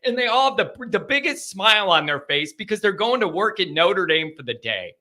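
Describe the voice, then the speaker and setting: A man hosting a live call-in sports chat, talking in an animated, rambling way and often repeating himself. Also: high voice, brisk. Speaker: live-stream sports host.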